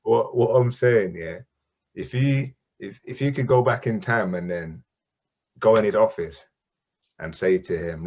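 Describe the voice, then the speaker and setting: A man's voice: lowish voice, unhurried, a little mellow. A man hosting a podcast, asking long, winding questions in a casual interview. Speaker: podcast host.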